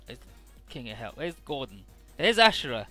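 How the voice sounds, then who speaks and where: A man's voice: medium pitch, big pitch swings, normal speed, sharp tone, faint music behind. A man giving casual, irreverent and profane Let's Play commentary, paraphrasing game dialogue sarcastically.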